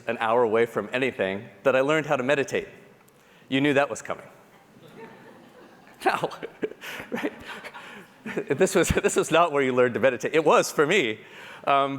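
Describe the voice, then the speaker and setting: A man giving a keynote talk, telling personal stories in an animated, self-deprecating way and acting out the people he quotes. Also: mid-range voice. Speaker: conference speaker. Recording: long hall reverb.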